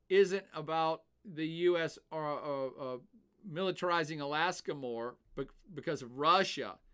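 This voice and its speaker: Older male streamer, animated and chatty, answers viewer questions. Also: on the high side, clear, resonant tone. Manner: animated, laughs often, puts on silly voices. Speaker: livestream host. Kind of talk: casual livestream chat, answering chat questions.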